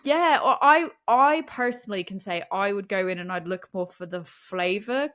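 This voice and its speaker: A woman's voice: mid-range voice, moderate pace, fairly bright tone. A woman co-hosting a podcast, rambling through stories, acting out her own quotes and laughing often. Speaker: podcast co-host. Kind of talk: casual chat about beer.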